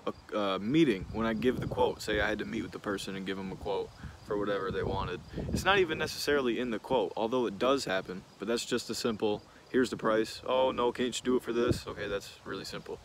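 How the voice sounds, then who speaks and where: A man's voice: on the low side, fast, background noise. A man in his twenties who owns a service business, talking casually and frankly to the camera, rambling with lots of fillers. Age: 20s. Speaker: business owner, vlogger.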